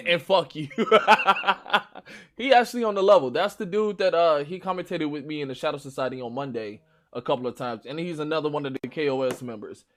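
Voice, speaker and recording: A man with a Chicago accent, hosting a stream with loud, profane, boastful trash talk about games. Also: a little high, brisk, a little hiss or hum. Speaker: stream host. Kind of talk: casual gaming chat.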